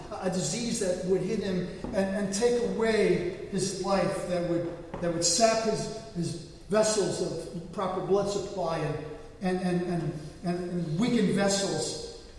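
A man doing a grieving heart surgeon who cries out slowly in anguish, his voice lifted high and loud. The sound is echoey and distant, as in a hall. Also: slight background noise. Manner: pleading, slow and anguished.

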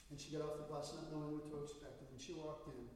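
A man's voice: on the high side, little pitch movement, fast talker, a little mellow, slight background noise. A man as pastor, preaching a sermon in a church with storytelling that rises to emphatic bursts. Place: church sanctuary. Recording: echoey hall from far off.

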